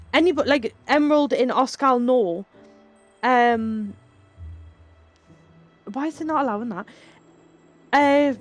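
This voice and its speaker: A woman in her twenties with a Geordie accent, chatting casually as a livestreamer and reading viewer messages aloud with lots of "like" and giggles. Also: fairly high pitch. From North East England. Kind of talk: casual chat while reading live chat.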